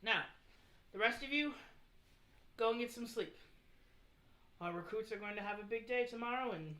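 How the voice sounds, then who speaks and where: Game master voicing a calm elf director. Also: medium pitch, normal speed, pitched above the performer's own voice, lightly acted. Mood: commanding.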